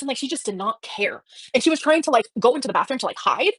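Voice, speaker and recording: A woman's voice: on the high side, lively intonation, fast, a bit bright, slightly rough, no room sound. A woman livestreaming, telling a personal story in a rambling, emotional way with many fillers. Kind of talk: casual livestream chat.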